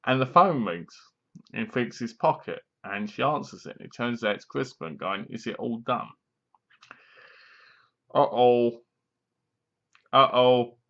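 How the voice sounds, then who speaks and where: A man chats through a horror film review at home, retelling scene after scene and acting out the lines as he goes. His voice sits at an ordinary middle pitch. The home recording sounds dull and lo-fi. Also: lively intonation, measured pace, a bit bright. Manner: rambling, enthusiastic retelling with acted-out quotes and laughs. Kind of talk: casual spoken film review. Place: home room, seated in a squeaky chair.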